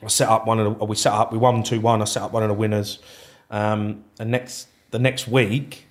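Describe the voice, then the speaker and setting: Man, former footballer guest, animated storytelling, low pitch. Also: normal speed. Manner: animated, swears freely, acts out quotes. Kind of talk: casual storytelling interview.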